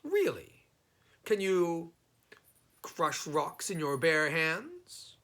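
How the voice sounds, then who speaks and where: A man's voice: on the high side, big pitch swings, extremely slow, pushed and bright, voice pushed up, exaggerated voice. A man voicing a clever, unflappable folk hero in a storybook reading, cheerful and teasing.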